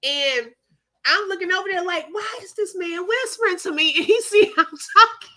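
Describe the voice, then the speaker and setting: Her voice extremely high and moderately paced, a woman hosting a casual livestream tells a lively story to her chat and breaks into laughter frequently.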